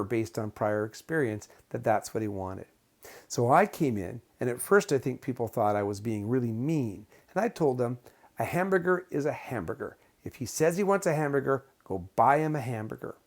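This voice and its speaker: A man's voice: medium pitch, darkish tone. A man, teaching a course on behavior management and telling stories from his own work in plain, explanatory speech. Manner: storytelling, plain-spoken, explanatory. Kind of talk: recorded lecture with anecdotes.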